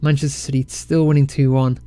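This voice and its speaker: A man casually commentating his football management game, excitable and self-mocking. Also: medium pitch, a little fast, clean tone, no room sound. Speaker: game let's-play creator.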